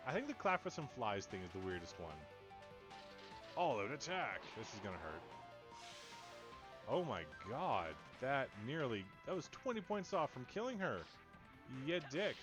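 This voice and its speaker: A man's voice: medium pitch, sing-song, moderate pace, long pauses, over music. A young adult man giving casual, joking commentary on a game he is playing, rambling and talking to his chat. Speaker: let's play streamer.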